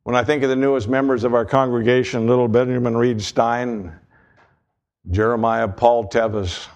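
Guy preaching a sermon, slow and measured, tells little jokes along the way. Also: medium pitch, darkish tone. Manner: measured preaching with folksy humor. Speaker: pastor.

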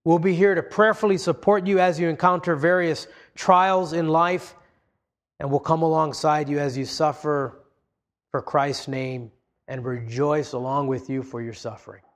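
Guy preaching a sermon, kinda higher voice, earnest and measured. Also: fairly even intonation. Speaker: pastor.

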